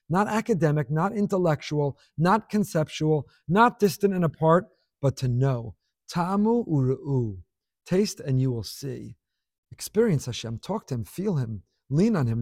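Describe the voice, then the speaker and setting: A man's voice: fairly high pitch, darkish tone, no echo, studio quality. A man giving a Torah class, teaching expressively with rhetorical questions and scattered Hebrew and Yiddish terms.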